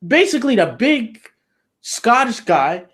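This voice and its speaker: A man's voice: very high voice, very animated, measured pace, a bit bright. A man being interviewed, telling a story in loose, slangy, profane casual talk with lots of "you know". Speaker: interview guest.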